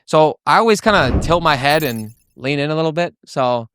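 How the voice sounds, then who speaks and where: A young man coaching sales tonality to camera, animated and acting out the tones he explains. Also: fairly high pitch, moderate pace, clear, resonant tone. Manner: animated, demonstrates tones with his voice. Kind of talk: energetic teaching to camera.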